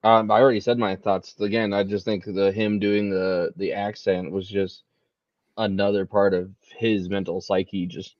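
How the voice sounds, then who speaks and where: A man's voice: deep voice, no room sound, muffled recording. A man co-hosting a casual pop culture discussion over a video call. He rambles and restarts his sentences often. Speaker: podcast co-host.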